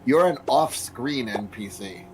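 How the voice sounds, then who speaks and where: A man's voice: medium pitch, lively intonation, a little slow. A man in the middle of his voice range rants over videos, cursing freely and heaping scorn on the people he watches. His tone is combative and sneering, with faint noise behind him. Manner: profane, mocking, combative. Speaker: streamer reacting to videos. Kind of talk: live reaction commentary.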